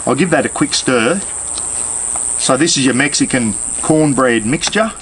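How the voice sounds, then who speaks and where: A man's voice: mid-range voice, expressive, unhurried, fairly bright tone, poor audio. Australian man, chatty cooking host, talks straight to viewers, outdoor camp cooking, faint traffic behind. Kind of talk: casual cooking demonstration.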